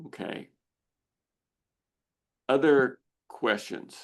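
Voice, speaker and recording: An older man hosting a live Q&A on a video call, explaining patiently and acting out the brain's inner voice with lively exclamations. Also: mid-range voice, very slow. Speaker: misophonia researcher hosting a Q&A.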